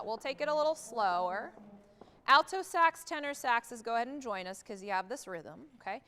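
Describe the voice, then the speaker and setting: A woman conducting a high school band rehearsal, energetic and singing rhythms aloud to demonstrate them. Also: normal speed. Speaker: guest conductor. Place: large theatre stage. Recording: reverberant hall.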